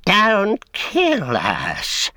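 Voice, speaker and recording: A wretched male creature whimpers for his life in a high, thin, whining voice. He drags out every word slowly and hisses, and the voice sounds strained and unlike any normal speaking voice. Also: wildly swooping pitch, pushed and bright, no echo, clean studio sound, exaggerated voice. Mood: pleading. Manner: pleading, drawn-out, speaks of himself as "us".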